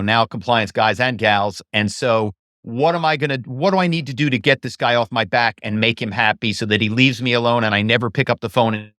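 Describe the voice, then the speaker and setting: A man tells stories as a podcast guest, animated and slipping into other voices to act out phone calls. His voice sits in a middle register. The recording is dry and close. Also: mid-range voice, dry recording. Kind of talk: casual interview storytelling.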